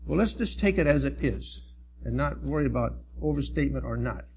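A middle-aged man, a church elder, preaching a sermon in an earnest, halting way with restarts and emphatic swells. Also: medium pitch, lively intonation, darkish tone, a little hiss or hum.

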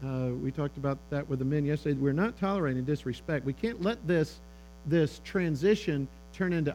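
A middle-aged man speaking to an audience of parents, animated and talkative, acting out the people in his anecdotes. His voice sits a little high for a man. A faint electrical hum runs under the recording. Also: brisk, rough recording. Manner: conversational, animated storytelling with quoted dialogue. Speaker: speaker on fatherhood. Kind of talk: sermon-style talk to parents.

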